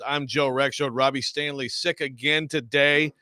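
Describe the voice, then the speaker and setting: A man's voice: medium pitch, fairly even intonation, moderate pace, few pauses, pushed and bright, dry recording. A man hosting a sports talk radio show in the studio, chatting in an easygoing, upbeat way. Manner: upbeat, easygoing, reads sponsor lines smoothly. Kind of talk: casual sports radio banter. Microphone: studio microphone.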